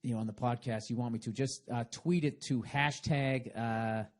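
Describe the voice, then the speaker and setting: A middle-aged man hosting a comedic podcast monologue, ranting profanely and swinging between loud and quiet. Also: medium pitch, fairly even intonation, normal speed. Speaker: podcast host.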